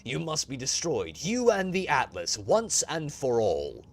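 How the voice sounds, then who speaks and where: A man voicing a fanatical renegade navigator from a role-playing game in a loud, accusing, raised voice. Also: mid-range voice, huge pitch swings, unhurried, heavily acted. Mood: furious.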